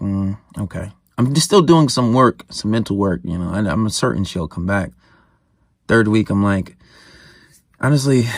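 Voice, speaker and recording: A man's voice: fairly low pitch, vocal fry, breathy edge, no echo, studio quality. A man coaching on dating in a casual, slangy monologue that repeats points. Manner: conversational, repeats himself, slangy.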